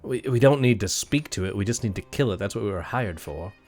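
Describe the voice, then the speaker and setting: A man's voice: on the low side, expressive, fairly quick, a little mellow, soft background music. A man plays a blunt monster-slaying woman who talks curtly and brushes others off. The voice stays close to his own register, plain and no-nonsense. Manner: curt, dismissive. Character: blunt, gruff woman ghost hunter with a blade.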